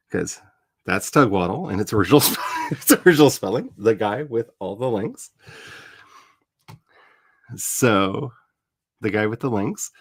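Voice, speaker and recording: Playful low-voiced man chatting on a livestream. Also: creaky, dry recording, clean studio sound. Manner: chatty and playful, talks to chat and to his browser. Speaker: author livestreaming his world building. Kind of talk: casual livestream chat.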